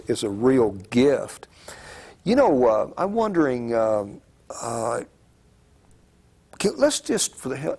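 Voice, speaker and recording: Gravelly-voiced man hosting an interview. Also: medium pitch, darkish tone. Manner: slow, probing questions with hesitant restarts. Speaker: talk show host. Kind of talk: interview conversation.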